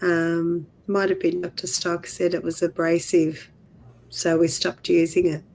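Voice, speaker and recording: A woman co-hosting a casual livestream chat, hoarse from the flu and chatting in an easygoing way. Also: on the low side, flat delivery, measured pace, a little mellow, slight background noise, low-quality recording. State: hoarse, losing her voice from flu. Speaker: podcast co-host.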